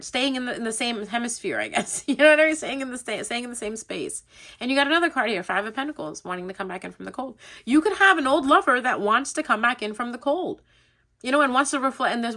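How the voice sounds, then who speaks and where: A woman's voice: fairly high pitch, expressive, quick pace, pushed and bright. A young adult woman chatting her way through a casual tarot reading, rambling and laughing often. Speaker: tarot reader.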